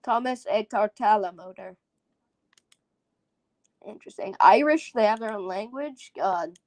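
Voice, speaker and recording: A woman's voice: medium pitch, animated, measured pace, darkish tone, no room sound. A woman hosting a casual solo podcast, rambling and giggling as she sounds out foreign words. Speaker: podcast host.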